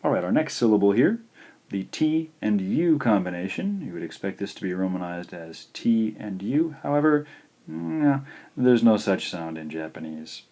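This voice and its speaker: A man teaching in a recorded video lesson, patient and slow, saying each syllable out clearly. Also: lowish voice, big pitch swings, mellow. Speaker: language teacher.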